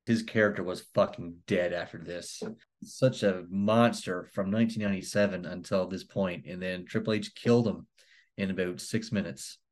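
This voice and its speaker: Blunt, lower-voiced male podcast co-host. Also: fairly even intonation, moderate pace. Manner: blunt and incredulous, recapping events plainly. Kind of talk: casual chat.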